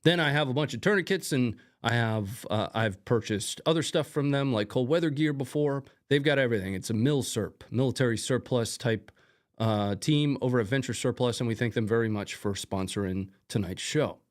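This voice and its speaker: A man's voice: mid-range voice, moderate pace. A man hosting a live stream, talking casually through combat footage with chatty asides. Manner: relaxed, conversational, chatty asides. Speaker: host.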